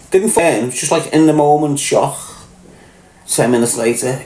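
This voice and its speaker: A man's voice: on the high side, normal speed, darkish tone, slight background noise. A man with a Liverpool accent hosting a livestream, talking bluntly and swearing as he reads out chat. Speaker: livestream host reading chat. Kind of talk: casual livestream rant. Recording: roomy echo.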